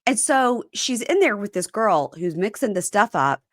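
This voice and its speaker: A woman co-hosting a casual podcast, recapping a reality TV episode and retelling scenes in a relaxed, chatty way. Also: medium pitch, normal speed, dry recording, studio quality. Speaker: podcast co-host.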